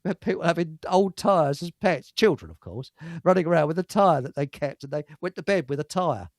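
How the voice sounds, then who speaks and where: A man's voice: on the high side, expressive, brisk, no echo. A man hosting a casual live-stream chat, telling stories in a rambling, hesitant way with many fillers. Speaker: host.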